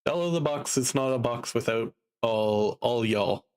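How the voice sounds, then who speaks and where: A man streaming live and chatting casually, drowsy and a bit down, rambling slowly with lots of fillers. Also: medium pitch, darkish tone, clear, resonant tone. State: sleepy and low in mood.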